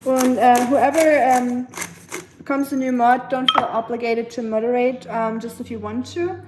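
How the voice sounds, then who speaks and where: A young German-accented woman, a native German speaker, talks casually with her livestream audience as she cooks at home, answering them and searching for words. Her fairly high voice shows little pitch movement at a moderate pace. The kitchen is echoey and noisy, with dishes clattering.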